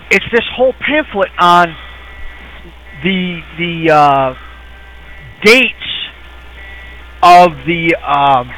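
Bright-voiced rambling man telling stories. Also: high-pitched, rough recording. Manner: rambling storyteller, chuckling and sarcastic. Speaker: podcast co-host. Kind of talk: casual chat.

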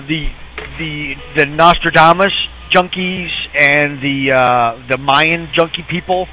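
Bright-voiced rambling man telling stories. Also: a little high, poor audio. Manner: rambling storyteller, chuckling and sarcastic. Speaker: podcast co-host. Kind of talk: casual chat.

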